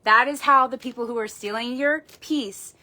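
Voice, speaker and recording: A woman's voice: fairly high pitch, normal speed, bright, forceful tone. A woman doing a live-streamed tarot reading, talking in an emphatic, folksy way and swearing casually into a phone. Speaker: tarot reader.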